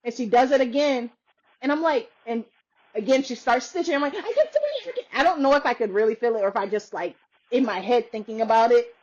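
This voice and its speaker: Woman, fairly high voice, animated storyteller, laughs a lot, slightly dull lo-fi audio. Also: fast talker. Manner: animated, laughs often, acts out quoted voices. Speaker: podcaster. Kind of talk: casual storytelling chat. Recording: dull lo-fi sound.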